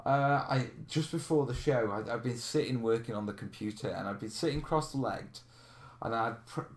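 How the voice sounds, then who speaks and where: A man's voice: medium pitch, normal speed. Guy chatting on a live stream, laughs a lot, roomy echo. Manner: chatty, laughing, reads out chat comments. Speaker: live stream host answering viewer questions. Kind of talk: casual live stream chat.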